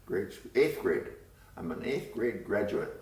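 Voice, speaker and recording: A man's voice: on the low side, lively intonation, measured pace, a little mellow. An older man reminiscing in an oral history interview, rambling and chuckling as he tells stories. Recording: roomy room, distant mic.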